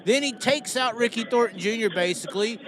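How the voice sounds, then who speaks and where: A man hosting a live stream, chatting casually in an excitable, teasing way. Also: very high voice, brisk, noisy background. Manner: excitable, teasing, laughs often.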